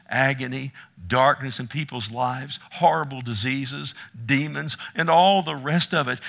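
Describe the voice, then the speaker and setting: Gravelly man preaching an impassioned sermon. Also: medium pitch. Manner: impassioned, swinging from hushed to loud. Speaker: pastor.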